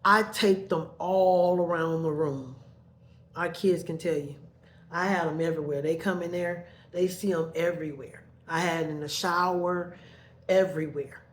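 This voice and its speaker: Slow-talking emotional middle-aged woman. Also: on the low side, fairly even intonation. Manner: halting, repeats her words, emotional. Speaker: storyteller. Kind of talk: personal storytelling to camera.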